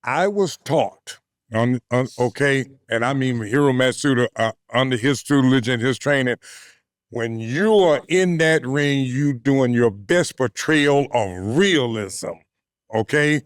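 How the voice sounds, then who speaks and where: A man's voice: medium pitch, measured pace, no echo, studio quality. An older man, a retired wrestler, talking emphatically in a casual interview and tossing in questions like "you know, right?".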